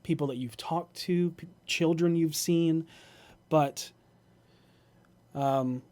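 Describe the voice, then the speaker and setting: A man acting as game master, narrating a tabletop game in a measured, descriptive way. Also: on the high side, fairly even intonation, a little mellow.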